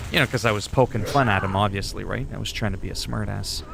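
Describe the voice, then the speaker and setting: Against background noise, a man with a lowish, gravelly voice talks at a quick pace with fairly even intonation and hardly any pauses. He's a Canadian gamer in his 40s whose first language is French, bluntly joking and swearing through casual livestream chat.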